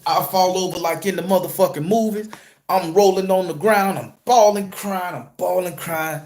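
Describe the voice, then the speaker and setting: A man with a fairly high voice recounts a dream in a loose, profane monologue. He jokes in streetwise slang, bursts loud and excited, then drops to a quiet, low murmur. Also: normal speed. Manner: crude, joking, streetwise slang. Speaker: spiritual content creator and tarot reader. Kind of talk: casual profane storytelling monologue.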